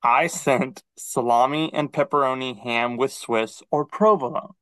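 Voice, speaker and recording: A man co-hosting a podcast, chatting casually and acting out quoted dialogue in an animated storytelling manner. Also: medium pitch, unhurried, no room sound, rough recording. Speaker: podcast co-host. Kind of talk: casual chat.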